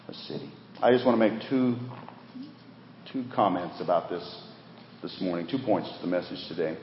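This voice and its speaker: A man preaching a sermon with earnest emphasis, rising for key points and dropping low, in a church sanctuary. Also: a little hiss or hum. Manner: earnest, rises for emphasis then drops low, repeats words. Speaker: pastor. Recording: dull roomy recording with long reverb.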